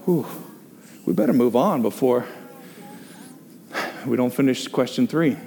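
A middle-aged man, a pastor leading a group discussion, preaching in an animated, joking way. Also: medium pitch, a little slow, gravelly, long reverb tail, slight background noise. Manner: excitable, exclaims and jokes, reads listener comments aloud.

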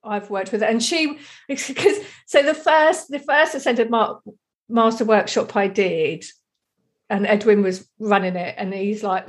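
A woman's voice: mid-range voice, unhurried. A woman in casual spiritual conversation, talking reflectively and rambling, with frequent "you know.".

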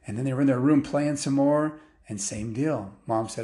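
Mellow man telling a rambling bedtime story. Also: medium pitch, moderate pace, hardly any pauses. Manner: rambling, with asides and fillers.

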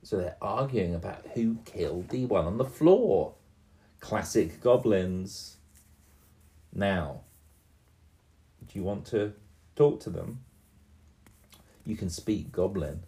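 A man in his fifties runs a tabletop game for a small child. He speaks in a very low, mellow voice. His storytelling is slow and gentle, and he keeps asking her what she wants to do. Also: animated. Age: 50s. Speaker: game master.

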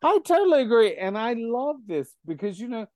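A man with a Southern US accent, co-hosting a podcast in campy, animated casual chat. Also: extremely high pitch, brisk, crowd noise. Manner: campy, animated, laughs often. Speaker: podcast co-host.

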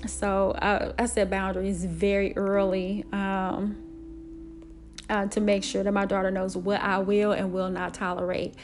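A woman's voice: mid-range voice, little pitch movement, a little slow, darkish tone. Candid woman talking parenting, faint music. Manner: candid, emphatic, acts out quotes in a raised voice. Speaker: single mother sharing parenting advice. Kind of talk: casual talk to camera.

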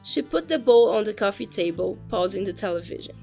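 A woman narrating a story in a steady, even audiobook style. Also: mid-range voice, brisk, vocal fry, soft background music.

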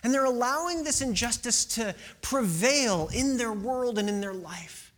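Lively, animated preacher. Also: mid-range voice, measured pace. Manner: animated, rhetorical questions, drops to whispers for emphasis. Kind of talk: conversational sermon.

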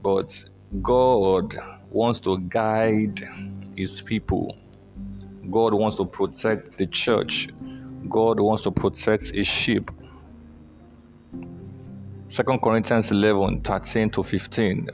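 A man's voice: lowish voice, fairly even intonation, takes it slowly, gravelly, pauses often, faint music behind. A male pastor, preaching a sermon and reading scripture, repeating phrases and rising on key words for emphasis.

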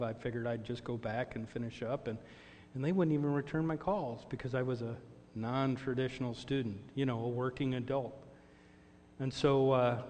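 A man's voice: medium pitch, darkish tone, long reverb tail. A middle-aged male pastor preaching a sermon, telling personal stories in an earnest way with call-and-response asides. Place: church sanctuary.

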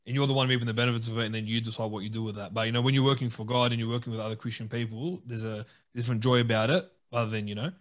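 A man co-hosting a casual Christian chat, upbeat and quick to laugh. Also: medium pitch, fairly even intonation. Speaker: podcast co-host.

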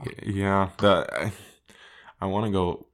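A man reviewing a movie in casual chat, animated, laughing often and using many fillers. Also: sits low, a little slow.

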